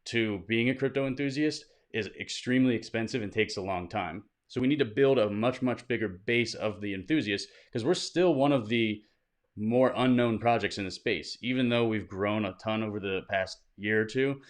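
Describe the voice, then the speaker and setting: A man's voice: lowish voice, moderate pace. A man hosting a weekly livestream Q&A, reading viewer questions aloud and answering off the cuff in an upbeat, conversational way. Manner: upbeat greeting viewers by name. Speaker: host of a weekly crypto livestream. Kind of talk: casual livestream Q&A.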